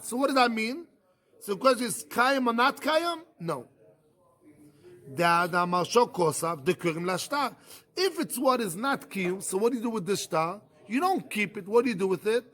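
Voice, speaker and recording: A rabbi with a high voice leads a yeshiva Talmud class. He teaches by firing rhetorical questions at the room, doubling back to repeat and restart his phrases as he works through the argument. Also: expressive, moderate pace, fairly bright tone.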